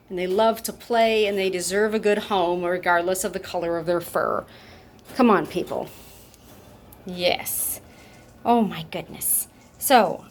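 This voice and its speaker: A woman chatting casually in an adoption video, talking up kittens and cooing baby talk to them, with cats meowing nearby at home. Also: medium pitch. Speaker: cat foster and adoption volunteer.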